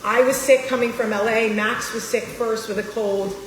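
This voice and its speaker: A woman's voice: fairly high pitch, steady tone, normal speed, a little hiss or hum. A woman in her forties from New Jersey, telling a personal story straight to her viewers in a confiding, emphatic way. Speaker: vlogger. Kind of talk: casual storytelling to camera. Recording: roomy echo with long reverb.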